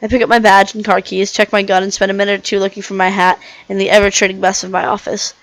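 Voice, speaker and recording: A woman's voice: medium pitch, little pitch movement, fast talker, dry recording, natural voice, low-quality recording. A woman voicing a weary, cynical male herbivore dinosaur detective, reading a visual novel aloud in first person with small restarts. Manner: plain first-person narration, restarts over misread words.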